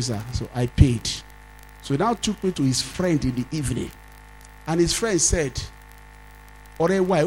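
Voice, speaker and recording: A Nigerian pastor preaches a sermon told as a story, swinging between loud exclamations and low asides. The recording is rough.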